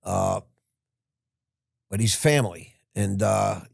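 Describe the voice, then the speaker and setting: A man's voice: on the low side, slow, gravelly, a little mellow, breathy edge, dry recording, clean studio sound. A man in his sixties, a podcast guest, telling a rambling, frank story with restarts and the odd curse word. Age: 60s. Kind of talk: casual interview storytelling.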